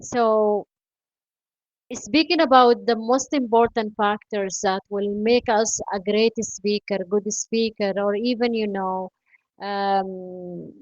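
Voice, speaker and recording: A woman whose first language is not English, teaching an online English class by video call, encouraging and filling pauses with "you know" and "uh". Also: medium pitch, steady tone, no room sound. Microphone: video call mic. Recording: dull lo-fi video call audio.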